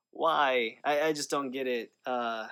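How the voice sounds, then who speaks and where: A man's voice: mid-range voice, slow pace, gravelly, fairly bright tone, smooth. A man talking casually to camera in a movie review vlog, rambling with lots of fillers and restarts.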